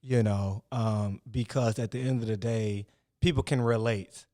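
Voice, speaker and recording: A man's voice: on the low side, fairly even intonation, measured pace, darkish tone. A man hosting a podcast interview, a coach, asking long rambling questions and laughing along. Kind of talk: casual interview.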